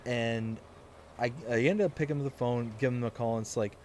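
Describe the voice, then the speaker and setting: Chatty male game streamer, mellow voice. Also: mid-range voice, a little fast, a little hiss or hum. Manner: chatty, rambling, reads chat aloud, laughs often. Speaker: livestream host playing a farming game. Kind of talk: casual livestream chat.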